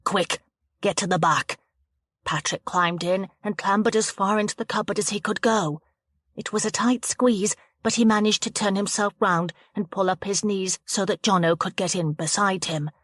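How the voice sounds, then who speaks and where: A woman reading a thriller audiobook aloud in a steady, measured narration. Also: mid-range voice, dry recording, clean studio sound. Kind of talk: scripted narration of a thriller novel.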